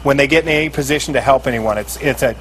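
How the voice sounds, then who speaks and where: A man's voice: medium pitch, rapid-fire, a crowd in the background, poor audio. A man guesting on a call-in show, talking bluntly and candidly and laughing easily. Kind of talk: casual call-in chat.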